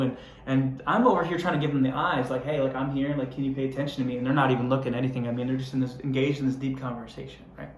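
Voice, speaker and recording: A man's voice: mid-range voice, reverberant, slight background noise. A young adult man preaching a sermon, telling a self-deprecating story in a conversational way before turning earnest. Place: church hall.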